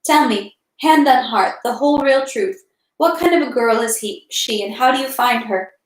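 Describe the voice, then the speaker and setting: A woman's voice: fairly high pitch, moderate pace, voice pushed up, natural voice. A woman voicing an anxious, tearful young noblewoman who pleads in a trembling voice, in an echoey room. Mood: earnest.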